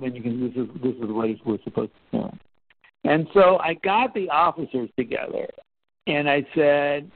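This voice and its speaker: A man giving a storytelling talk about leadership, conversational and animated, acting out quotes. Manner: animated, acts out quotes with rising pitch; conversational, with fillers and restarts. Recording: tinny phone-like, dry.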